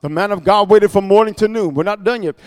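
A man preaching a sermon, reading scripture in a sing-song cadence and breaking into shouted, mocking asides. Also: high voice, fast talker, smooth, long reverb tail.

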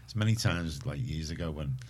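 Slight background noise accompanies this man's rumbling low voice, which moves fairly quickly. Presenting a community radio show in a studio, he chats in a rambling, self-mocking way with a Liverpool accent.

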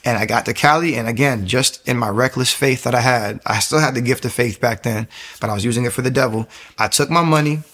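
A young man telling his life story as a personal testimony, fast and animated with many restarts. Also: mid-range voice. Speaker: testimony speaker.

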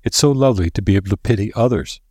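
A man's voice: fairly low pitch, lively intonation, rapid-fire, a little mellow, breathy edge, no room sound. A man voicing a cheerful, blind young noblewoman in a lilting, lifted voice. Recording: dry close recording.

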